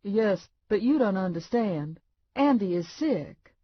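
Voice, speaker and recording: A fretting, flustered wife who pleads in a high, lively voice, as a woman narrator puts her on. Slightly husky, on a dull, dry audiobook recording. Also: slow, no echo. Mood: pleading.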